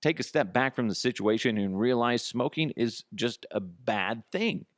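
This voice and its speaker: A man hosting a solo comedy podcast, ranting in a profane, animated way and acting out both sides of conversations. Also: medium pitch, normal speed, no room sound, studio quality. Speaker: podcast host.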